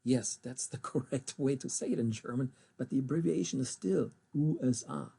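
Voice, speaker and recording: Male language teacher, very dark husky voice, slow careful pronunciation of German words. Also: mid-range voice. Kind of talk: recorded language lesson.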